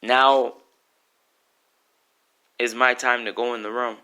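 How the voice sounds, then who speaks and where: Intense spoken-word man, bright clear voice. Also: medium pitch, level tone, takes it slowly. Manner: emotional, intense, pleading.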